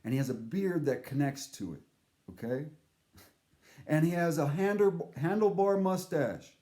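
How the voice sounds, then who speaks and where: An animated man tells a rambling story, his pitch swinging high and low as he acts out the people in it. His tone is dark and mellow, and the room around him rings with echo. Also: measured pace. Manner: animated, profane, acts out voices he quotes. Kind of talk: casual storytelling monologue.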